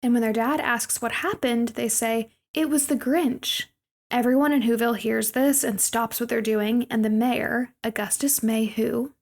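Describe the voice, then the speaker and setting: A woman co-hosting a podcast chattily walks through a movie scene by scene in a casual recap. Her voice is a little high and creaky.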